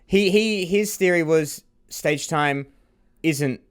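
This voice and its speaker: Male comic, slightly high voice, smooth resonant tone, rambling chatty podcast banter. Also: takes it slowly. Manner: rambling, animated storytelling with frequent restarts. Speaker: comedian and co-host. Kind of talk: casual comedic banter.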